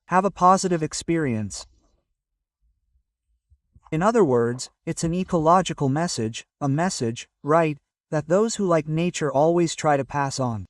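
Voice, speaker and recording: A man's voice: fairly high pitch, lively intonation, measured pace, no echo, studio quality, distant mic. A man narrating a casual hiking vlog outdoors, chatty and always telling viewers to look, panting as he climbs. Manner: chatty, keeps prompting viewers with "look" and "right?". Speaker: vlogger.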